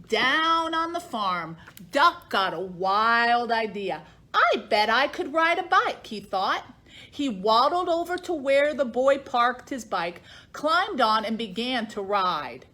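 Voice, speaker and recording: Slow, lively-voiced woman reading a picture book. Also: a little high. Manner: slow, sing-song storytime voice that acts out the animals. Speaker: children's librarian.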